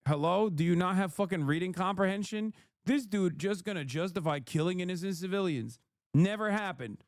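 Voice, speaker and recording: A brisk man with a high-sitting voice rants casually on a livestream, captured at studio quality with no echo. He's heated and profane, frequently swearing as he reads chat messages out loud and reacts to them.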